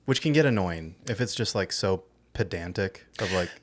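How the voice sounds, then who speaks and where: A man's voice: low voice, animated, moderate pace. A man co-hosting a podcast in casual film talk, playful and joking. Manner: playful, jokes and acts out quoted voices. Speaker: podcast co-host. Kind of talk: casual film-discussion chat.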